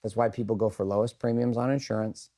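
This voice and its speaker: A man's voice: on the low side, fairly even intonation, fast, warm tone. A middle-aged man leading a group session, talking to the room in a blunt, earnest way. He swears freely and polls the audience for a show of hands. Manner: asks the room questions and polls for raised hands. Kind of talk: candid motivational talk to a group.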